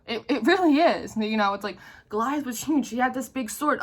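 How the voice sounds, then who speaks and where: A young woman talking casually to her viewers as a tarot reader, animated and blunt, swearing often and dropping lots of "like" fillers. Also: on the high side, normal speed. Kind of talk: casual spiritual talk to camera.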